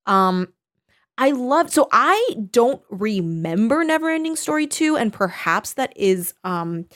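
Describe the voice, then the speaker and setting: A woman co-hosting a casual chat, animated, full of "like", and swearing freely. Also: a little high, a little slow, no room sound, studio quality. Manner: animated, heavy use of 'like', swears.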